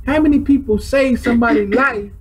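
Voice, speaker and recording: A man with a high voice preaches to a class in loose street talk. He is animated and fills his teaching with vivid illustrations and sound effects. A faint noise sits under the recording. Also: brisk, low-quality recording.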